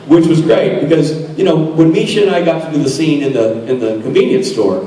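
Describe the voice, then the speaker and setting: A man's voice: mid-range voice, darkish tone, far from the mic. A man in his forties telling rambling, self-mocking stories to a convention audience. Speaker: convention panel guest. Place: large convention hall. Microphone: phone recording from the audience. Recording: echoey hall recorded from afar on a phone.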